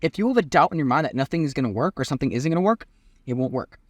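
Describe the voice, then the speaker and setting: A man's voice: medium pitch, lively intonation, very fast, no echo, studio quality. A young man hosting a casual chat, giving rambling, hyped motivational talk with plenty of swearing. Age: young adult. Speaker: host.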